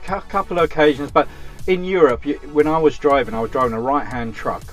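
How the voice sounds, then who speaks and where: A man's voice: fairly high pitch, fast talker, faint music behind. A man with an Essex accent, a taxi driver telling stories in a casual chat. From Essex, England. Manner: chatty, animated anecdote telling.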